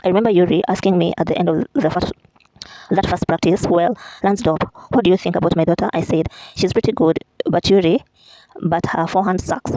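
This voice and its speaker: A gruff, blunt older tennis coach speaks plainly about the past, as a woman reads his lines from a memoir. The voice is mellow and unhurried, and the sound is close and dry. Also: on the low side, no room sound, lightly acted, rough recording. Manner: blunt, matter-of-fact.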